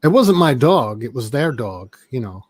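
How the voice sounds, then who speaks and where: A man's voice: medium pitch, sing-song, moderate pace, darkish tone, no room sound. A middle-aged man casually telling a long, rambling story with plenty of swearing. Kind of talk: casual chat.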